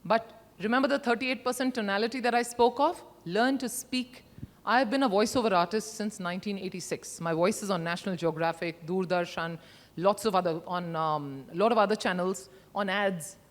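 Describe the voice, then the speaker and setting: A middle-aged woman, giving an interactive workshop talk at a conference, emphatic and expressive, using her voice to demonstrate. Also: mid-range voice, brisk. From India. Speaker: conference speaker. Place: large conference hall. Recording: long hall reverb.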